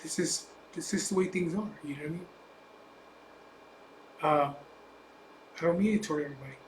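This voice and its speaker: A man's voice: on the high side, a little fast. A man with a Chicano English accent ranting bluntly to camera as a biker vlogger, profane and defiant with repeated asides. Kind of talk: blunt unscripted rant to camera. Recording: echoey room, faint background hum.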